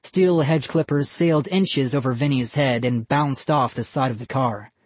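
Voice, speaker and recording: A narrator reading a scary children's story in measured, even storytelling. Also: medium pitch, no room sound. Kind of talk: scripted audiobook narration.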